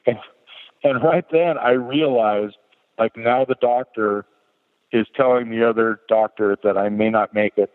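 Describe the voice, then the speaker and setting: Middle-aged male podcast guest, low voice, candid rambling storyteller, heard on a phone-like line with long reverb. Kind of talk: personal story told in an interview.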